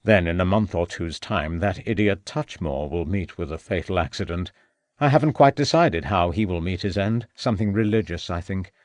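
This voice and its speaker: A man voicing a scheming, murderous Victorian gentleman who gloats and sneers at the inspector. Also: deep voice, normal speed, no room sound, natural voice.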